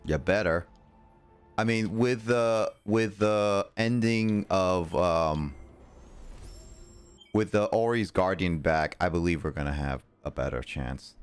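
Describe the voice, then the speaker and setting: Low-voiced man streaming a game. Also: slow pace, clean tone, soft background music. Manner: rambling, talks to chat while playing. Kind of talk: casual gameplay livestream chat.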